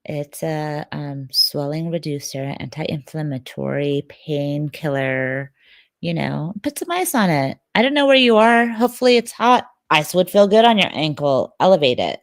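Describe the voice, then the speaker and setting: A woman's voice: deep voice, animated, moderate pace, no echo. A sleepy woman, hosting a livestream and chatting casually with viewers, rambling and joking. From Detroit, Michigan, USA. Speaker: livestream host.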